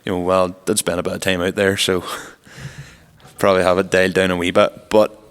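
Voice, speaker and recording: A man's voice: sits low, little pitch movement, normal speed, big-room sound. A man co-hosting a podcast, telling stories in a casual, rambling way full of fillers. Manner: rambling storyteller, lots of "like" fillers. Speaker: podcast co-host. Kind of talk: casual chat.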